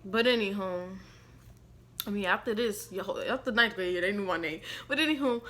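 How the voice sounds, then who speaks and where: A woman's voice: mid-range voice, brisk, fairly bright tone. A woman casually telling a rambling, slangy story to her viewers, laughing along as she goes. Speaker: storytime vlogger.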